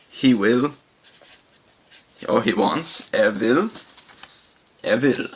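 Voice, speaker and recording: A man teaching a language lesson on video, halting with many fillers and repeating example sentences slowly. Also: medium pitch, fairly bright tone, a little hiss or hum, rough recording. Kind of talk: informal recorded lesson.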